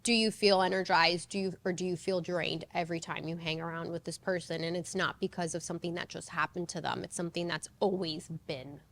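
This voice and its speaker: A woman's voice: on the low side, fairly even intonation, brisk, hardly any pauses. A woman psychologist giving advice in a casual podcast conversation, chatty and full of fillers. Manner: chatty, advising, many "like" fillers. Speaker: psychologist guest.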